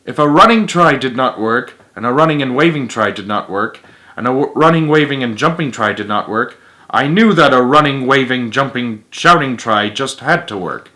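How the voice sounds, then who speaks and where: A man's voice: medium pitch, lively intonation, moderate pace, bright, forceful tone. A man voicing a patient, encouraging male frog who coaxes his friend and tells spooky stories.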